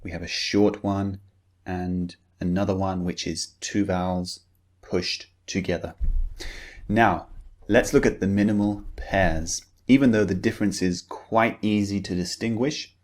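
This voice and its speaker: A man teaching pronunciation, enunciating each model word with slow, careful deliberation. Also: low voice, steady tone.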